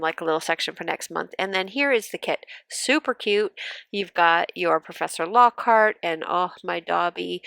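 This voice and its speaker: A woman's voice: fairly low pitch, vocal fry, a bit bright, smooth, dry recording. Stuffy-nosed woman chatting casually. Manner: chatty, rambling, with fillers. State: stuffy nose from allergies. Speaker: planner vlogger. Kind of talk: casual plan-with-me chat.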